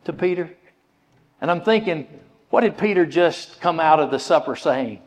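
A man's voice: fairly high pitch, animated, moderate pace, long reverb tail. A man preaching a sermon in an earnest way, often repeating words as he searches for the next one. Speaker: pastor.

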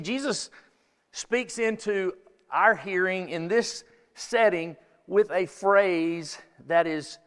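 A man preaching a sermon with a notably high-pitched voice. He tells stories in an animated way, acting out the quotes and laughing along. His voice rings with the long reverb of a church sanctuary. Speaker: pastor.

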